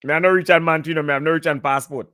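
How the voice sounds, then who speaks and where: A man's voice: a little high, fairly even intonation, fast talker, sharp tone, clean tone, dry recording. A man from Jamaica with a Jamaican accent, chatting casually and jokingly in patois on a live stream. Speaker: podcast guest.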